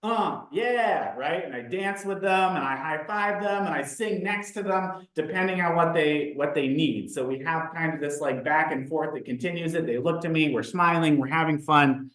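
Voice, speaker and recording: A man leading a live online training, animated and chatty, often asking the audience questions. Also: on the high side, moderate pace, hardly any pauses.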